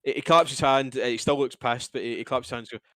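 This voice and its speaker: A man narrating a tabletop game as game master, halting and swearing freely. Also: medium pitch, crowd noise, low-quality recording.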